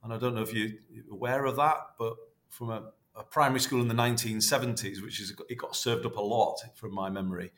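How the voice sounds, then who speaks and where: A man, chatting warmly and rambling as a podcast guest, full of restarts. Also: mid-range voice, fairly even intonation, brisk, hardly any pauses. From North West England. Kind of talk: casual interview reminiscing.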